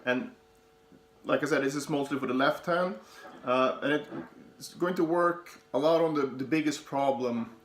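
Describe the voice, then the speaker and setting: A man teaching guitar in a casual, halting way, with many fillers and restarts, counting notes aloud as he plays. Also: a little high, a little hiss or hum. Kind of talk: casual instructional talk. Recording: echoey room with guitar playing.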